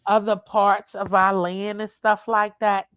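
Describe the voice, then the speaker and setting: A woman telling a lively, profane story in casual chat, calling her listener "child". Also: medium pitch, measured pace, clear, resonant tone, dry recording, highs cut off. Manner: animated storyteller, swears freely, calls listener "child". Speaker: streamer, co-host. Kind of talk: casual chat while crafting.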